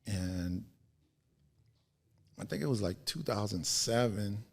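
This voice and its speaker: Gravelly low-voiced man telling stories. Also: takes it slowly, a little mellow. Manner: laid-back, slangy, swears, checks in with "right?". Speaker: podcast guest. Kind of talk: casual storytelling.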